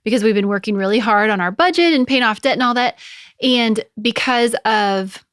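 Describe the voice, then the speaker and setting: A woman's voice: a little high, fairly bright tone, clear, resonant tone, dry recording, clean studio sound. A woman in her thirties, a podcast co-host, speaking earnestly in casual chat about family life. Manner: earnest, quick back-channel agreement.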